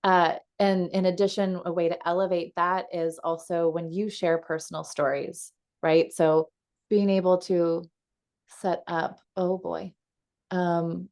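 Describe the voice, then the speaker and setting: Lowish-voiced woman coaching from home on a video call, chatty, lots of ums, laughs a lot. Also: level tone, measured pace, darkish tone. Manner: chatty, laughs easily, frequent fillers. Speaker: coach leading a community call. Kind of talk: casual teaching talk.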